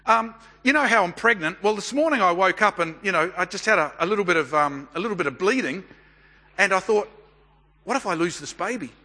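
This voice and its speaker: A man's voice: high-pitched, expressive, fairly quick, pushed and bright, full character voice. A man voicing a young pregnant woman who anxiously confides a worry, his voice lifted well above his own. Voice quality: raised, lighter voice. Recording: long hall reverb.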